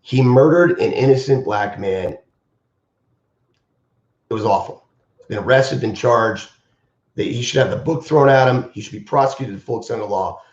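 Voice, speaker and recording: A man who teaches martial arts speaks on a live stream in an impassioned, emphatic monologue and drives his points home by repeating them. His voice sits at a middle pitch. The audio is roomy and dull, like lo-fi stream sound. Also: moderate pace, pauses often, darkish tone.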